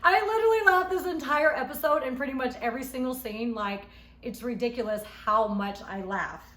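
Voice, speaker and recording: A woman casually recapping a reality show episode she was in, telling it in an animated, emphatic way. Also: high-pitched, fairly quick. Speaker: reality show cast member reviewing her episode. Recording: echoey room.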